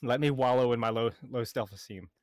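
A man co-hosting a podcast in casual chat, joking with dark humor and laughing a lot. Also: medium pitch, fairly quick, slight background noise. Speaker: podcast co-host.

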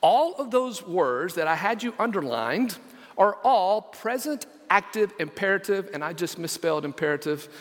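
Emphatic pastor preaching in a reverberant sanctuary. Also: male voice, sits high, animated. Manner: emphatic, slows down to stress scripture; engages congregation with call-outs. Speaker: senior pastor. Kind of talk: sermon.

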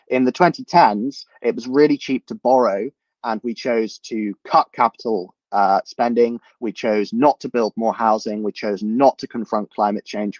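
A man's voice: fairly low pitch, darkish tone, no echo, highs cut off. A man in a political discussion, who talks thoughtfully and repeats words as he works out his points. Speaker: guest commentator.

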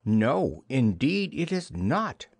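A man's voice: medium pitch, very animated, unhurried, no room sound, voice pushed up. A man voicing a prim, motherly young girl who talks in a earnest, lightly scolding way.

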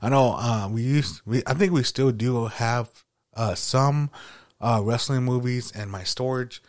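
A man's voice: mid-range voice, a little slow, no echo, studio quality. A man hosting a podcast, chatting casually and nostalgically, rambling with lots of fillers and swearing. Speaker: podcast host.

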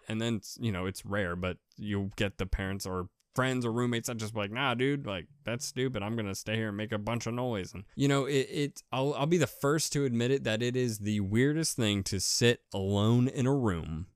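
A man's voice: mid-range voice, lively intonation, normal speed, few pauses, no room sound, clean studio sound. A man hosting his own podcast in a casual solo monologue, rambling and poking fun at himself, often restarting and repeating words. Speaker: podcast host.

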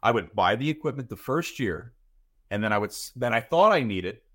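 A man's voice: medium pitch, expressive, fairly quick, fairly bright tone. A man in his thirties, a podcast guest talking casually and rambling, often repeating words as he thinks. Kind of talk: casual chat.

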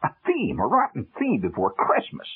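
A man's voice: mid-range voice, huge pitch swings, moderate pace, husky, full character voice. A man voicing a prim middle-aged female schoolteacher giving her class an assignment. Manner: prim, instructing. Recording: tinny old radio broadcast with music.

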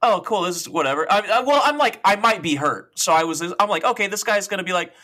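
A man's voice: high voice, fast. A young man in his twenties co-hosting a podcast, telling a long, profane story casually with lots of quoted dialogue. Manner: rambling, profane, animated retelling with quoted dialogue. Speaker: podcast co-host.

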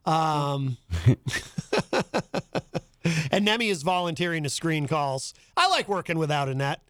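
A man hosts a radio talk show with a fairly high, light voice. He reads listener chat messages aloud in an easy, chuckling way. The studio mic is close and dry. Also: big pitch swings, unhurried, fairly bright tone, clear, resonant tone, no room sound.

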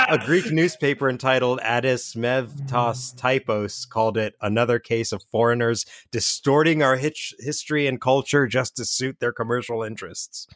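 A man's voice: medium pitch, normal speed, a bit bright, dry recording, studio quality. A man co-hosting a casual movie podcast, rambling and often searching for the right word. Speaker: podcast co-host. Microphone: home mic over online call.

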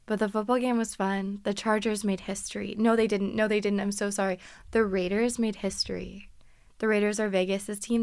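A woman hosting a podcast, telling stories in a casual, animated, sarcastic way and laughing often. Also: medium pitch, creaky, dry recording, clean studio sound. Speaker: podcast host. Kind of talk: casual storytelling monologue.

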